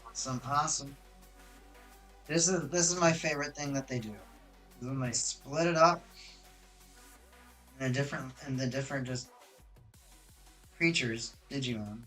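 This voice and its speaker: Excitable streamer on a hot mic. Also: medium pitch, normal speed, pauses often, faint music behind. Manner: excitable and chatty, with frequent restarts and self-corrections. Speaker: card game streamer. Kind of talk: casual live-stream chat while opening card boxes. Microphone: hot desk microphone with high gain.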